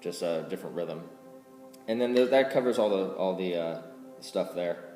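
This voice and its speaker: Deep-voiced guy walking through drum rudiments, counts out loud, echoey room with long reverb. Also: moderate pace, loud music behind the voice. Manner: counts strokes aloud in a louder voice, trails off quietly after explanations. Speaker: drum teacher. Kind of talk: casual instructional explanation. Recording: roomy reverb with loud background noise.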